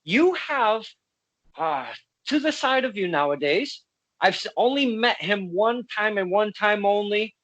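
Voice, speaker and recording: A man hosting a casual wrestling interview over a video call, excitable and stammering, often repeating his words as he talks. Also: high-pitched, measured pace. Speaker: interviewer, podcast host.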